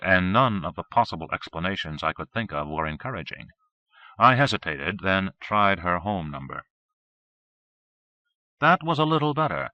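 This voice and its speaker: A man narrating a first-person novel as an audiobook, with steady, measured reading. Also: deep voice, no echo. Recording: dull 1980s cassette recording.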